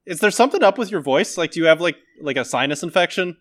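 A man co-hosting a satirical comedy podcast, speaking in a mock-earnest, deadpan way. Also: a little high, quick pace.

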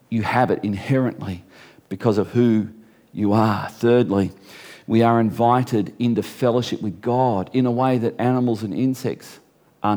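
A man's voice: on the low side, darkish tone. Middle-aged man preaching with wry humor. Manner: conversational preaching with wry humor and repeated phrases. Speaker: pastor. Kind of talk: sermon.

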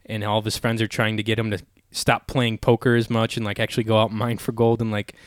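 A man's voice: lowish voice, level tone, fast, no room sound, studio quality. A man co-hosting a podcast in casual chat, rambling and swearing, with "like" in nearly every line. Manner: rambling, swears a lot, says "like" constantly. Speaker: podcast co-host.

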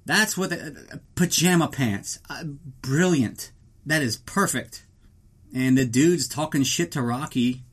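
A man's voice: mid-range voice, measured pace. A man giving a comedic movie recap in a ranting, profane, incredulous way. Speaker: movie reviewer.

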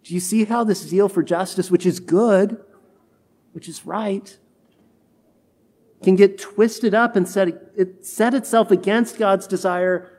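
Preacher, male, high-pitched, delivers a homily and acts out quoted complaints. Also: steady tone, slow, a little mellow. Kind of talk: sermon.

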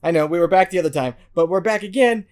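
A man's voice: high-pitched, fast talker, darkish tone. A man co-hosting a podcast, chatting casually with playful, giggly banter. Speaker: podcast co-host. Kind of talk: casual chat.

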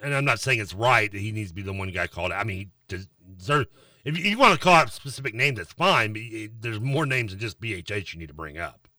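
A man co-hosting a sports radio show, talking in an animated, ranting way. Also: lowish voice, fast, dry recording, studio quality, recorded from a distance. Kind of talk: casual sports talk.

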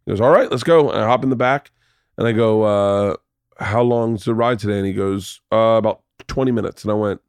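Guy hosting a podcast, telling a story all animated, doing voices, dead dry mic. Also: lowish voice, fairly quick, smooth, no echo. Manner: animated, swears freely, acts out voices in stories. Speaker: podcast host. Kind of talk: casual storytelling chat.

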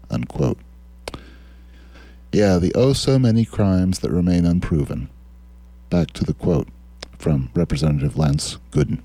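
Man on a radio talk show, sarcastic, mocking, reads quotes out, low dark husky voice. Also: big pitch swings, measured pace, no room sound. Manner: sardonic, mocking. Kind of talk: sarcastic political commentary, reading quotes aloud. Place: radio studio.

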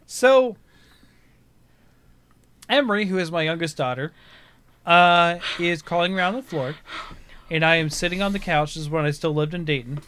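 A man in his thirties, chatting casually and telling a story with animated delivery, often laughing as he talks. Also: fairly high pitch, moderate pace, pauses often, clean tone. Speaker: podcast co-host, parent.

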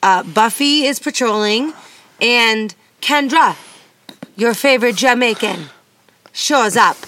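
A woman's voice: a little high, animated, slow pace, a bit bright, a little hiss or hum. A woman co-hosting a podcast, chatting casually as she recaps a TV episode, quoting characters and swearing now and then. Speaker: podcast co-host.

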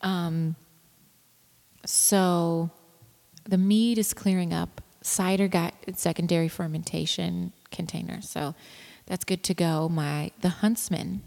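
Low gravelly woman rambling about homebrew, lots of ums, long echo. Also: steady tone, takes it slowly, darkish tone. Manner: rambling, chatty, with many fillers and restarts. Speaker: home brewer. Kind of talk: casual vlog chat.

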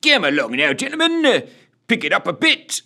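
A man's voice: high voice, wildly swooping pitch, moderate pace, sharp tone, voice pushed up, heavily acted. A man voicing a brusque, bossy aging army sergeant who barks out commands. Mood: barking. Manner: barking commands.

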